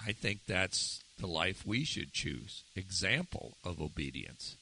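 A man teaching a Bible lesson in a conversational, animated way, retelling passages and asking his listeners questions. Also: deep voice, takes it slowly, vocal fry, a little hiss or hum, poor audio. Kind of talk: informal sermon teaching.

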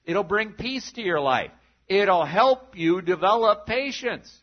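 A man preaching a sermon as a pastor, animated and sometimes dropping to a hushed voice for emphasis. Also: high voice, highs cut off.

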